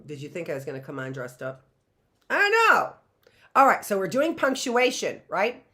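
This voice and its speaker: A woman's voice: mid-range voice, huge pitch swings, moderate pace, sharp tone. A middle-aged woman teacher giving a chatty, playful online lesson, often exclaiming. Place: home classroom setup.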